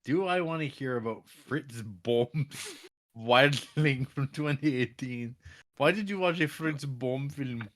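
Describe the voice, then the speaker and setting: A man's voice: medium pitch, takes it slowly, a bit bright. A man in casual podcast chat, giving dry, short reactions and wry questions to his co-host.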